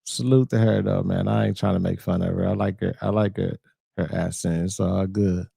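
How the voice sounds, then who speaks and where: A man's voice: deep voice, fairly even intonation, normal speed, vocal fry, dark tone, husky, dry recording, studio quality. Laid-back man reacting on stream. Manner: laid-back, slangy, greets the chat by name. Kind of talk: casual reaction stream chat.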